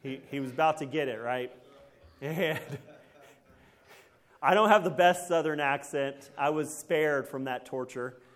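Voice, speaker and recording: A man preaching a conversational sermon in a folksy way, often checking in with the congregation through quick tag questions. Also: on the high side, a bit bright.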